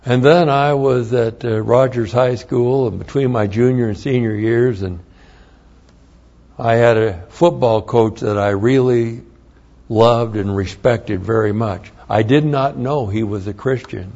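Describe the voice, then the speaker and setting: An older man with a mid-range, slightly mellow voice gives an earnest, plain-spoken personal testimony. He tells his story with halting restarts, and the recording is dull and lo-fi.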